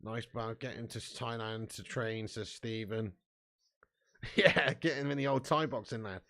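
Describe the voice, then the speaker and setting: A man's voice: mid-range voice, steady tone, a little slow, a bit bright. A man hosting a live football watch-along. He reads chat comments aloud and talks in a casual, sweary way. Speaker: fan channel host.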